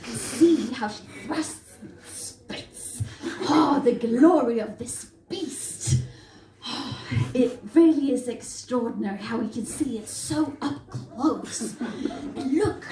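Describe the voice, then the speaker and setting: A woman voicing a reverent nature documentary narrator who marvels slowly at a wild creature, in a roomy live venue. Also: high voice, warm tone, distant mic. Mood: awed. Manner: slow, marveling delivery.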